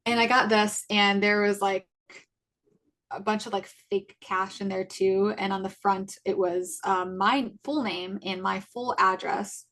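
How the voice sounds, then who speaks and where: A woman's voice: mid-range voice, fairly even intonation, unhurried, fairly bright tone. A woman in her twenties, a podcast co-host, casually recounting a personal story and acting out what people said to her. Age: 20s. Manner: retells events by acting out quoted exchanges; chatty, many likes and restarts.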